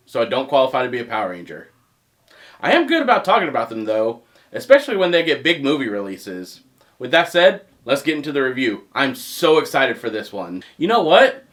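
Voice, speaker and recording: A man hosting a comedic movie review show, animated and joking, poking fun at himself. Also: mid-range voice, moderate pace. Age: adult past teens. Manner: animated, joking, self-mocking.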